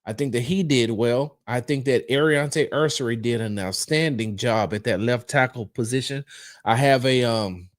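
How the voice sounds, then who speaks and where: A man hosting a casual football fan show from home, swinging between loud bursts and quiet asides. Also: medium pitch, moderate pace. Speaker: sports podcast host. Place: home room.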